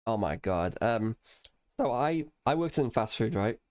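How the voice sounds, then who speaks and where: A man with a mid-range voice tells stories on a casual podcast. His pitch swings widely as he swears freely and acts out other people's lines. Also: unhurried. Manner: swears freely, lively storytelling, acts out quotes. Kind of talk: casual chat.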